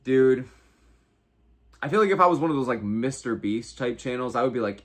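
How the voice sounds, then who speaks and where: Animated, swearing American man streaming. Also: mid-range voice, fairly quick, long pauses. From United States. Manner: heavy casual swearing, slangy and animated. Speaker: livestream host. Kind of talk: casual livestream chat reading viewer comments.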